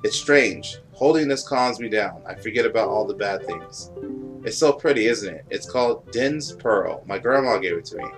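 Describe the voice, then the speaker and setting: A man's voice: on the low side, expressive, normal speed, low-quality recording. A man reading aloud the lines of a sulky, proud young bird-folk prince from a video game, over game music. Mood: wistful. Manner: petulant, proud, defensive. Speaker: game dialogue reader.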